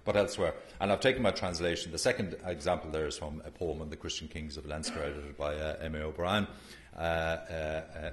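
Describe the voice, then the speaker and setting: A man giving an academic conference lecture, halting with frequent fillers and restarts. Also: a bass voice, steady tone, a little hiss or hum. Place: lecture room. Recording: echoey room.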